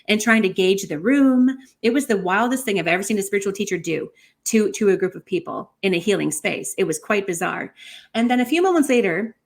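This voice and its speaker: A woman, a podcast guest, telling a personal story in an animated way with many fillers. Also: mid-range voice, brisk. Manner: animated, many fillers like 'like' and 'you know'.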